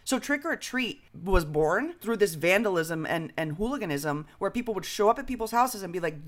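A woman co-hosting a podcast, telling stories in an animated, joking way and swearing freely. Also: medium pitch, brisk, hardly any pauses. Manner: animated, swearing, jokey storytelling. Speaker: podcast co-host. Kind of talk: casual chat.

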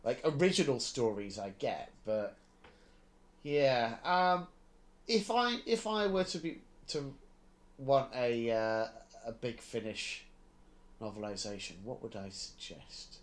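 A man's voice: mid-range voice, slow pace. A man co-hosting a podcast in casual chat, hesitant and self-deprecating, laughing easily. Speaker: podcast co-host.

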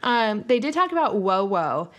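Female podcast co-host, casual gossipy chatter, natural middle pitch. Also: very animated, moderate pace, fairly bright tone, dull audio. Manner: chatty, lots of "like" fillers, recaps reality TV. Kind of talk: casual chat.

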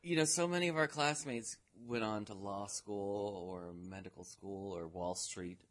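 A man's voice: on the low side, moderate pace, a bit bright. A middle-aged man hosting a podcast interview, asking friendly, teasing questions. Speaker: podcast host.

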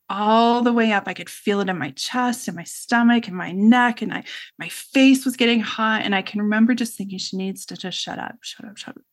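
A middle-aged woman, a guest in an interview, telling a personal story in an earnest, reflective way, with frequent fillers like "you know" and "like". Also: fairly high pitch.

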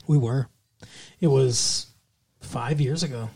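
A man's voice: mid-range voice, slow, vocal fry, darkish tone, breathy edge. Podcast co-host, male, casual, jokey and teasing. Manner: joking, teasing, puts on silly accents. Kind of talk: casual chat.

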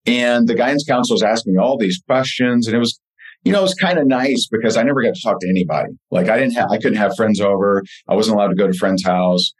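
Earnest low-voiced man telling stories. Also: fast talker, low-quality recording. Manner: earnest, with frequent fillers and restarts. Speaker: podcast guest and author. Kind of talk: casual interview storytelling.

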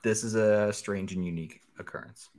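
A man's voice: lowish voice, steady tone, normal speed, darkish tone. A man in a casual group food review, thinking aloud and chuckling over his verdict.

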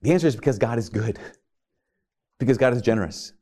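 A man's voice: medium pitch, lively intonation, quick pace, dark tone. A man preaching a sermon, earnest, asking his listeners rhetorical questions and often restarting his sentences. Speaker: priest.

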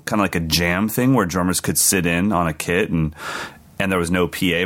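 A man from California, a touring drummer, telling animated stories over a remote call, often laughing. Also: low-pitched. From California, United States. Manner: animated, laughing storyteller, drops into quoted voices. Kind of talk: casual storytelling over a call.

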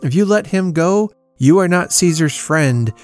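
A man putting on an angry, clamoring crowd, its voice pushed high and loud in a storybook reading. The mob shouts every demand with rising heat. Faint guitar drifts in behind it. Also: expressive, a little slow. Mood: insistent.

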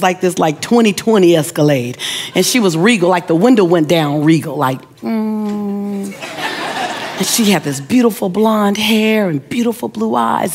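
Woman, middle-aged, motivational speaker, medium pitch, emphatic repeated phrases, speaks to the audience. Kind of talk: inspirational speech with personal storytelling.

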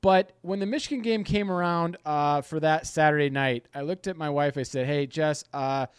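A man in his thirties with a fairly high voice chats casually as a podcast co-host. He rambles a little and pokes fun at himself, recorded close and dry. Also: moderate pace, clean tone, dry recording. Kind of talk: casual chat.

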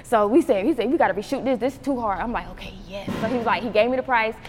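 A young female rapper from North Carolina chats casually as an interview guest, telling animated stories, acting out quotes and laughing a lot. Her voice is a little high and rapid-fire, recorded in a roomy hall with faint noise.

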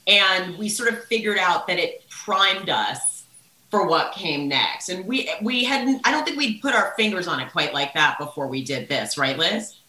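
A woman podcast guest speaking in a reflective, measured way. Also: fairly low pitch, lively intonation, sharp tone. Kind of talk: casual chat. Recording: roomy echo.

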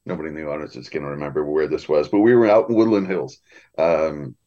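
A man, an audiobook narrator, telling lively anecdotes in a podcast conversation. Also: a bass voice, fast talker, lo-fi sound. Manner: animated anecdotes with acted quotes. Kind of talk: storytelling in a podcast chat.

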